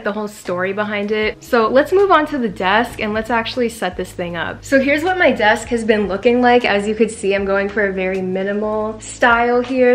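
A woman's voice: on the high side, echoey room. A young woman chatting in a casual unboxing vlog, bubbly and giggly with lots of fillers. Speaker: vlogger. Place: home room with a desk.

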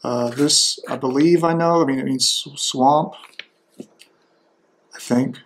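Working slowly through a demonstration, a man thinks aloud in a tentative, musing way and often restarts his sentences. His pitch is medium, with a little hiss or hum in the background.

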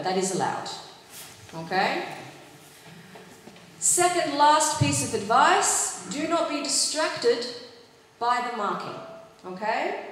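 A woman's voice: high voice, fairly bright tone. Woman teacher in an echoey hall. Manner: clear and instructive, checking in with "okay?". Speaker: English teacher. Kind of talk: giving exam advice to students. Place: large hall with an audience. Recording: echoey hall, faint noise.

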